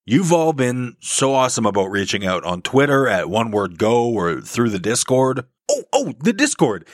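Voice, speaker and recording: Man in a lively put-on radio voice. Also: medium pitch, no room sound, clean studio sound. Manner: lively, drawn-out emphasis on key words. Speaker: podcast host. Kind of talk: scripted podcast update.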